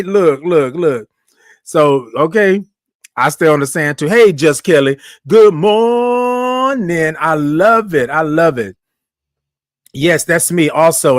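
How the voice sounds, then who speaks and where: A man's voice: on the high side, no room sound. Chatty male morning-show host, dry sound. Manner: greets viewers by name with drawn-out, sung greetings; Southern-style informal speech, says "y'all". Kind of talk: casual live-stream chat.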